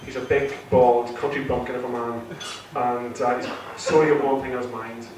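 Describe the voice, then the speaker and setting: A man's voice: medium pitch, little pitch movement, brisk. Man, nervous stand-up comic, echoey distant hall sound, audible noise. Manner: nervous, rambling, many fillers and restarts. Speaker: stand-up comedian. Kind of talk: stand-up comedy set. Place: theatre stage with a live audience. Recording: echoey hall recorded from far off.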